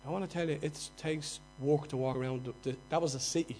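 A man with a Dublin accent preaching a sermon, moving from quiet, conversational asides to loud, mocking outbursts. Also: on the high side, steady tone, quick pace, faint music behind, poor audio. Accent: Dublin Irish. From Dublin, Ireland.

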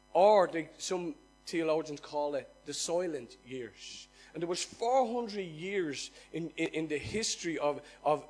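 This middle-aged man, his voice on the high side, preaches a sermon in which he earnestly recounts his own conversion and poses questions to the listeners. The audio quality is poor.

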